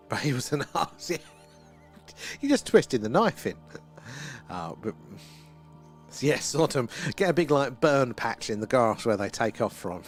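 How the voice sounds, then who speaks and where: A British man hosting a live sky-watching stream, chatting casually, answering viewer comments and laughing often. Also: mid-range voice. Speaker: livestream host.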